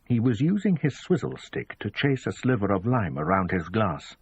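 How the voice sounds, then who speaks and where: A man giving measured, scripted narration of an audiobook, in dull lo-fi audio. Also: fairly low pitch, sing-song, slightly rough, no room sound. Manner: measured storytelling.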